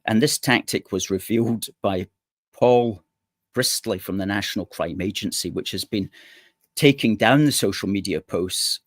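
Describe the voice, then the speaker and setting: Guy doing indignant political commentary, deepish voice, mocking asides. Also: dry recording, clean studio sound. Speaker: host of a political commentary show. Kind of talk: solo commentary reading news and viewer comments.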